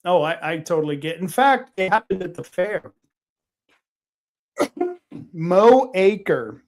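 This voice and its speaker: A man's voice: sits high, animated, slow. A man hosting a talk show who tells his stories bluntly and with animation. He talks casually and with conviction. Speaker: host, independent journalist. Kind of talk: casual storytelling chat.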